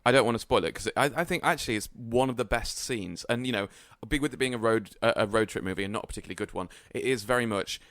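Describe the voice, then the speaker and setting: A man's voice: mid-range voice, fast, hardly any pauses, fairly bright tone, no echo, studio quality. A young man in his twenties co-hosting a podcast, chatting casually and plainly about a film. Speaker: podcast co-host. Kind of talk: casual film review chat.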